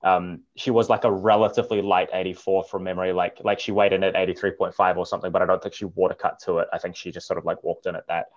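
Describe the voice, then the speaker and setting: Panelist, male, very low pitch, deliberate, dull lo-fi audio. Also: level tone. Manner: measured and hedging, many "um"s. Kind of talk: casual chat.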